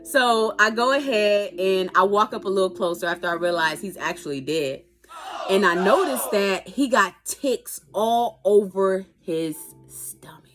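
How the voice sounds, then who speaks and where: An adult woman telling a personal story in a casual, animated and dramatic way, with playful asides. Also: mid-range voice, measured pace, music in the background. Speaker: storytime vlogger.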